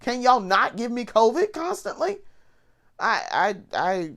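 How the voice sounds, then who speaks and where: A woman's voice: on the high side, sing-song, measured pace, vocal fry, fairly bright tone. A woman vlogger ranting bluntly while sick and congested, swearing freely and restarting her sentences. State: sick with covid, congested and coughing. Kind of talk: casual vlog rant.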